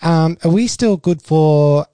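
A man's voice: fairly high pitch, normal speed, dark tone, dry recording, pitched above the performer's own voice, lightly acted. A man voicing a smug male media billionaire with a German-sounding accent who bribes a journalist in a posh, self-satisfied way.

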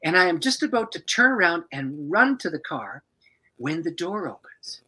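A man who is a pastor, telling a personal story as a podcast guest in an animated way and chuckling often. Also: a little high, normal speed, breathy edge, low-quality recording.

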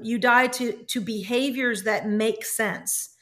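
Bright, animated woman speaker. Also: a little high, slow pace. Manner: animated, emphatic, preacherly. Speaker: guest, business speaker and author. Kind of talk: faith-based business interview.

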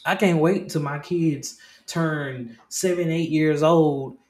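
Speaking slowly in an echoey room, a podcast host in his thirties leads a casual talk show. Cursing comes easily to him, he backtracks and repeats phrases, and his volume swings from hushed murmurs to loud, excited bursts.

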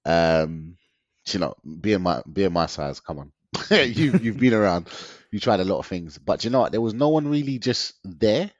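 Guy, young, animated storyteller, lots of slang and laughs; dull dry lo-fi sound. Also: low voice, normal speed, dry recording. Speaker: guest. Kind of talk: casual storytelling interview.

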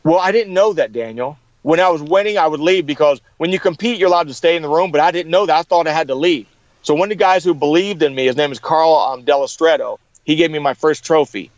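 A middle-aged man with a fairly high voice tells his story, acting out the people he quotes. The recording is dry and a little dull. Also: fast talker, dry recording. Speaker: guest. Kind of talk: storytelling in an interview.

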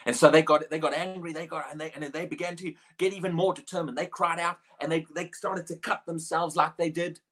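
A preacher delivering a sermon, animated and expressive, with frequent laughs. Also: mid-range voice, fairly quick, hardly any pauses. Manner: animated, acts out the quoted speech in a raised voice, laughs often.

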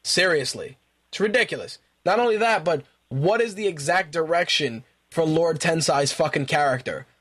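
A man with a high voice delivers ranting commentary as a radio host. His talk is profane and exasperated, and he fires off the same question again and again when he gets worked up. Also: moderate pace, a bit bright, slightly rough. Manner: repeats himself in angry bursts.

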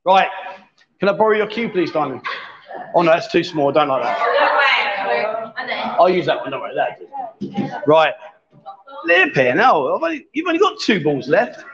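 A man with a notably high voice hosts a casual live stream, joking and bantering as he goes. He is picked up on a camera mic in a busy bar, and the sound is a little muffled. A lively crowd chatters loudly behind him. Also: normal speed, long pauses. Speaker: livestream host. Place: busy bar with a pool table.

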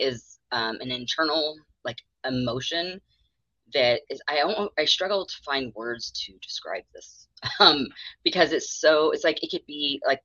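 A woman's voice: very deep voice, pushed and bright, dry recording, lo-fi sound. A woman in her thirties, a mental health therapist, talking candidly and rambling in an interview, laughing often and acting out her own thoughts.

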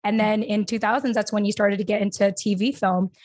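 A woman's voice: mid-range voice, steady tone, brisk, a little mellow. A woman hosting a podcast interview, asking questions in a chatty way full of "you know" and "like". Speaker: podcast host. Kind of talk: casual interview chat.

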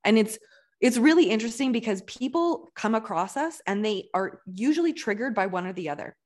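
A woman business coach, a podcast guest, telling stories in an animated way and mimicking other people. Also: on the high side, brisk. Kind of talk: casual interview chat.

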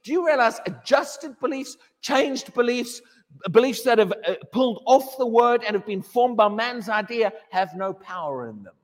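An English pastor preaches at a moderate pace in an animated manner, emphatic and fond of repeating himself. He mocks a wailing believer in a high voice, and the church hall's long reverb carries it all.

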